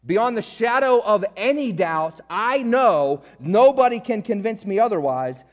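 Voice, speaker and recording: A man preaching a sermon in a chatty, conversational way, often checking in with his listeners. His voice sits high and moves lively across its range. The sound carries a long hall reverb. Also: measured pace. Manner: conversational preaching, frequent "right?" check-ins. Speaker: pastor.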